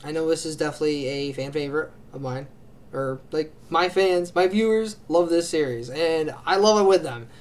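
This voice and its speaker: A man with a notably high voice talks casually to his channel's viewers. He gushes and rambles through his picks, restarting sentences and leaning on fillers as he goes. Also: moderate pace. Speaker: anime reaction channel host. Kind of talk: casual spoken ranking of favorite series.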